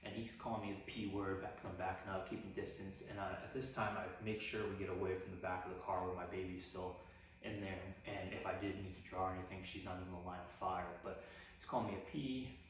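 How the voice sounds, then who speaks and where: A man casually recounting a personal story in a relaxed, rambling way, full of "like" fillers. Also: sits low, fairly quick, far from the mic, a little hiss or hum. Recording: echoey room, voice off mic.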